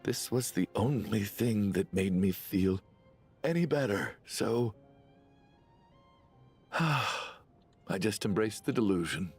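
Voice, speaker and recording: An actor playing a weary, grieving middle-aged father in a video game, confessing slowly with heavy sighs. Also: on the low side, animated, husky, soft background music, heavily acted. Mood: sorrowful. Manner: slow, heavy, sighing confession. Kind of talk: game voice acting.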